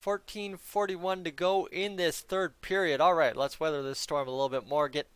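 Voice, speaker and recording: A young man talks his viewers through a hockey game in casual, chatty play-by-play, tossing in jokes and side comments. His voice sits a little high and sounds smooth and clear. The recording is dry and close. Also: steady tone, normal speed, no echo. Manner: chatty, joking asides to viewers. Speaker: fan streamer reacting to a hockey game. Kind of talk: casual play-by-play reaction chat.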